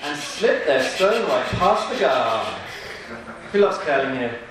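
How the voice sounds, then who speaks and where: A man reads a rhyming story to a live crowd, breaking off to joke and laugh with the room. His voice rises and falls a lot and sits a little high. He is caught from a distance in a very echoey room with steady noise behind. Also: slow pace. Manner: playful, joking, laughs often. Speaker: reader at a live storytelling event. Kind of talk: reading a rhyming picture book aloud with banter.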